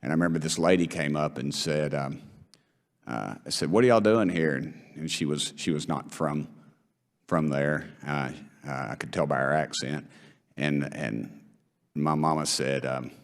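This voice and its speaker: A man's voice: rumbling low, steady tone, a little slow, vocal fry. A middle-aged man with an East Tennessee Southern accent, speaking as a congressman at a hearing in a folksy, rambling, heartfelt way. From Knoxville, Tennessee. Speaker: congressman questioning witnesses. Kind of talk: hearing testimony, folksy storytelling. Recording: long reverb of a hearing room.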